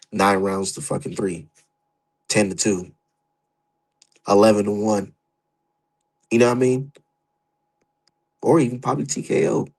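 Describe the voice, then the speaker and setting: A young adult man giving profane, heated, animated commentary as a boxing streamer. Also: fairly low pitch, poor audio. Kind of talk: casual ranting commentary.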